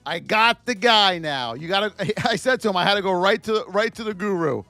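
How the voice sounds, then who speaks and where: A hoarse man hosting a live trading stream, energetic and shouting out viewers by name. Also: high-pitched, brisk, no room sound, soft background music. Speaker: livestream trading host. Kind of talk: hyped live-stream market commentary.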